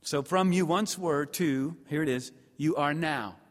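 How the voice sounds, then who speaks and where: Long hall reverb surrounds this fairly high-pitched man preaching at a seminary. He's animated and forceful, acting out his audience's thoughts and shifting between loud and soft, at a slightly slow pace.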